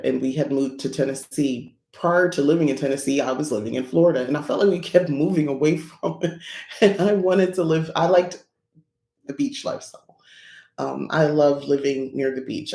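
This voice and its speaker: A middle-aged woman hosts a podcast in a loose, chatty storytelling way. Her voice has a gravelly fry to it, and she acts out quoted people in her stories. The sound is roomy and echoey. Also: rumbling low, mellow. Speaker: podcast host. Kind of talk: casual chat.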